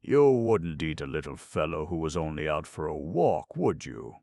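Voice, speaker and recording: A man's voice: rumbling low, very animated, moderate pace, dark tone, no room sound, clean studio sound, exaggerated voice. A man voicing a small, anxious male dog in a storybook, speaking in a pleading, wheedling way.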